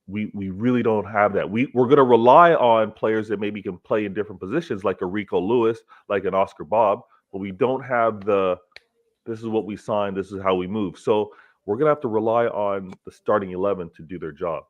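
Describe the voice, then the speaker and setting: A man in casual football chat, talking in a relaxed, measured way and often murmuring agreement. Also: on the low side. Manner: relaxed, measured talk with many agreeing fillers. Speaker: co-host. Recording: dull lo-fi audio.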